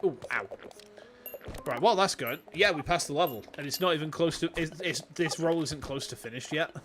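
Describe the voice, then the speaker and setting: A chatty man with a Yorkshire accent, talking through a game on a livestream with a slightly raised pitch. He gets excitable and swears freely as he greets his chat. Faint music plays underneath. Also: fairly quick. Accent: Yorkshire English. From Yorkshire, England. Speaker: streamer. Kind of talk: casual gaming livestream commentary. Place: warm room at home with fans running.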